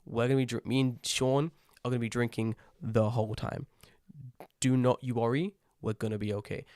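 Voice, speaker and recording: Lively man swearing through a story. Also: mid-range voice, fairly quick, no room sound, studio quality. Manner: lively storyteller, swears freely, impersonates friends. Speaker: podcast co-host. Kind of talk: casual podcast chat.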